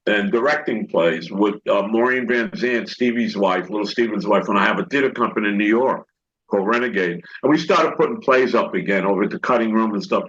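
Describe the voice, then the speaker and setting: A man's voice: on the low side, fairly quick, a bit bright. Older guy telling long stories, keeps restarting, dull lo-fi sound. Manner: rambling anecdotes, acts out others' lines, restarts. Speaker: actor guest. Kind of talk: storytelling interview talk. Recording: dull lo-fi recording.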